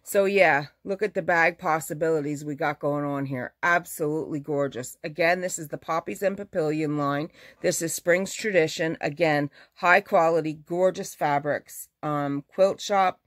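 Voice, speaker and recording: Gushing, chatty woman, a fabric shop owner, showing her stock in a relaxed live showcase. Her voice sits a little low. The sound is dry and close, and she stops to correct herself as she goes. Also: moderate pace, few pauses, dry recording. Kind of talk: casual live product showcase.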